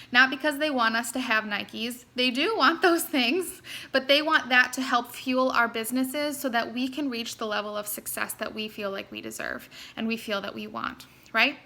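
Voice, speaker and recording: Young woman, bright voice, fairly high pitch, earnest, encouraging, motivational team talk. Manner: earnest, encouraging, speaks directly to listeners. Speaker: network marketing team leader.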